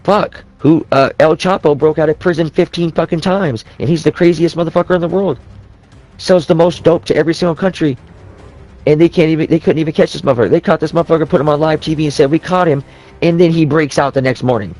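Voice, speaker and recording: A man's voice: a little high, quick pace, a little mellow, poor audio. Profane rambling man ranting. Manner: profane, rambling, with frequent restarts. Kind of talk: casual rant.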